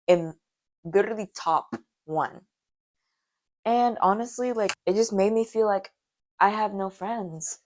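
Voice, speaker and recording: A young woman in her late teens, with a hoarse voice that sounds deep to her, chatting in a rambling, self-mocking way while she bakes for a vlog. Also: a little slow, pauses often. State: hoarse from karaoke. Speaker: vlogger. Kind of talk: casual baking vlog chat.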